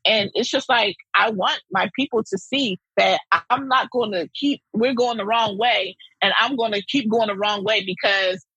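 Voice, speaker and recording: Female principal guest, strongly husky voice, emphatic and lively delivery. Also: mid-range voice, moderate pace, hardly any pauses, dry recording, highs cut off. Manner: emphatic and animated, with repeated phrases. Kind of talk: interview conversation.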